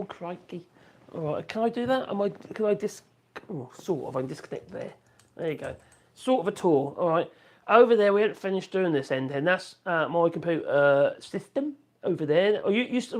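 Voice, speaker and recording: A man chatting casually on a live stream from his home office, rambling and reacting to viewer comments. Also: high voice. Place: home office room with wood burner.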